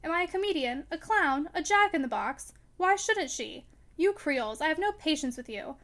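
A woman's voice: high-pitched, quick pace, lightly acted. A woman reading the part of an impulsive, charming young man who turns heated and emphatic in a storybook. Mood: indignant.

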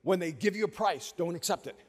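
A man's voice: sits high, expressive, fast talker, breathy edge. A man voicing a male local guide who firmly instructs him how to haggle. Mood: insistent. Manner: firm, instructive. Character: insistent male local guide giving advice. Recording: long reverb of a large hall.

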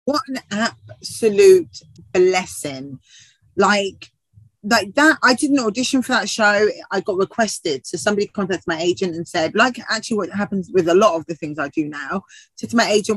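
A woman's voice: medium pitch, moderate pace, no room sound, poor audio. A woman TV presenter and actor from the UK, chatting in an interview with frequent laughs and restarts. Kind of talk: casual interview chat.

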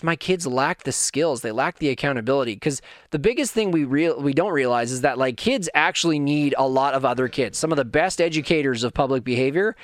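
A man's voice: on the high side, fairly bright tone, dry recording, studio quality. A middle-aged man hosting a solo podcast, talking in an earnest, heartfelt way that turns emphatic when he calls listeners out. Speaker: podcast host.

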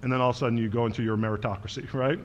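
A man preaching a sermon in a quiet, intimate manner, asking the congregation questions. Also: medium pitch, fairly even intonation, rapid-fire, dull audio, a little hiss or hum. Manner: quiet, intimate, drops to a hush. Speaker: pastor.

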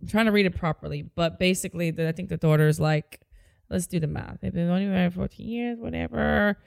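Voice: medium pitch, a little fast, gravelly. A podcast host with a New York accent, chatting casually and reading out a listener question, with frequent encouraging backchannels. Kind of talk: casual conversation.

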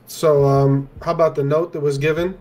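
A man's voice: on the high side, flat delivery, moderate pace, darkish tone. A young man co-hosting a casual podcast, dry and jokey. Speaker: podcast co-host. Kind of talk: casual chat about manga.

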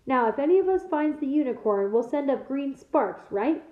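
A woman reading aloud to her class and voicing a gruff, commanding half-giant gamekeeper with blunt country speech, in an echoey room heard over a thin, phone-like line. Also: high-pitched, lively intonation, normal speed. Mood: instructing.

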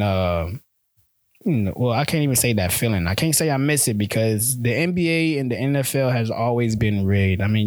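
A man's voice: mid-range voice, darkish tone, no room sound. A man hosting a casual solo sports podcast, talking loosely in slang and often restarting his words.

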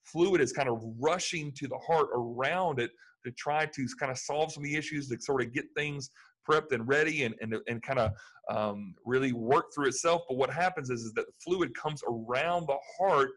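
A man's voice: medium pitch, moderate pace, fairly bright tone. A man preaching a sermon in an earnest manner, building to fervent emphasis. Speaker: pastor.

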